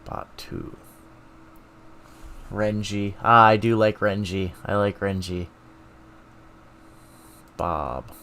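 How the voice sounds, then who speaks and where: A man's voice: on the low side, very slow, long pauses, sharp tone, a little hiss or hum. A man streaming live, thinking aloud in a self-mocking casual way while taking quizzes.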